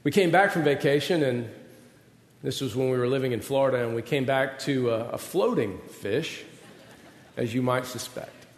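A man's voice: medium pitch, normal speed. Man, middle-aged, pastor, conversational sermon, self-deprecating, roomy echo, long hall reverb. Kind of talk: sermon with personal stories. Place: large hall with an audience.

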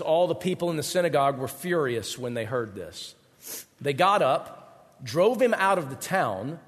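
A man delivers a sermon in a large hall that rings with long reverb. His voice sits high for a man, and he acts out the people in the story with sudden swings in pitch and loudness. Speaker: pastor.

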